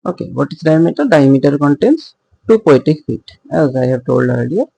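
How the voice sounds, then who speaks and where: A man's voice: a little high, lively intonation, moderate pace, vocal fry, dark tone, slightly rough, dry recording, low-quality recording. A man teaching poetic meter in a recorded lecture, patiently repeating points and checking in with "okay". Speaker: literature teacher.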